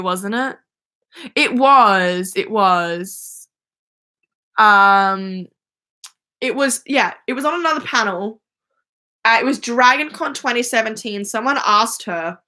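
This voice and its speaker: A woman's voice: mid-range voice, pushed and bright. A young woman hosting a casual fan livestream, gushing and chatty, with many fillers and restarts, on a phone or webcam mic. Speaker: livestream host.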